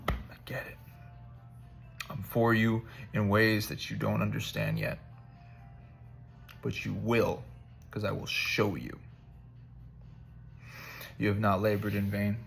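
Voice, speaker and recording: A man with a rough, gravelly voice that sits a little low. He gives spiritual encouragement to his viewers as relaxed, conversational talk. He rambles and jokes at his own expense. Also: slow, pauses often, soft background music. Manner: rambling, conversational, self-joking. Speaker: vlogger giving spiritual encouragement. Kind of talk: casual devotional talk.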